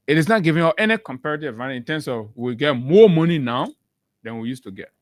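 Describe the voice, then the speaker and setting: A man's voice: a little high, animated, fast, no room sound, clean studio sound. A man with a Liberian accent giving heated, emphatic political commentary on a morning talk show, repeating phrases for force.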